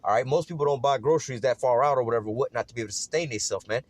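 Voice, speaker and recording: A man talks through scripture at a brisk clip, casual and streetwise, leaning on "man" and "all right" between thoughts. His voice sits at an ordinary middle pitch and comes across close and dry. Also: dry recording. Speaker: Bible teacher. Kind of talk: informal scripture study.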